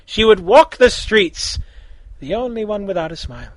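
A man's voice: high voice, sing-song, moderate pace, no room sound, poor audio. A man reading fan fiction aloud, with casual, chatty asides.

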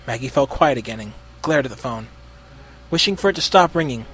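A man narrating a story in an expressive reading. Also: medium pitch, a little fast, slight background noise. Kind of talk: storybook reading of fan fiction.

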